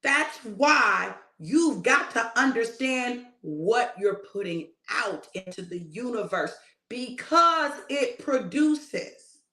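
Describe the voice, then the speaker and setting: A woman's voice: a little high, fairly bright tone, roomy sound. A woman minister delivering a casual, emphatic spoken sermon, talking straight to her listeners. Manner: emphatic and conversational, addressing listeners directly. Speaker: prophetic minister.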